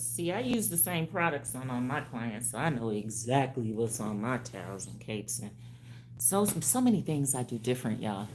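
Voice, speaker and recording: Very deep-voiced woman in her fifties. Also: moderate pace, a little hiss or hum. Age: 50s. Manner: animated, preachy, with laughs. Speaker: hairstylist. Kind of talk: casual livestream talk.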